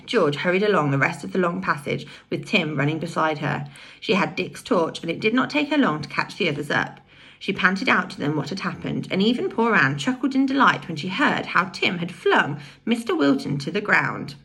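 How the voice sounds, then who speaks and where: Woman reading a kids book out loud, lively swooping delivery. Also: on the low side, normal speed, breathy edge. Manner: expressive storytelling. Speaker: audiobook reader. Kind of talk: reading a children's novel aloud.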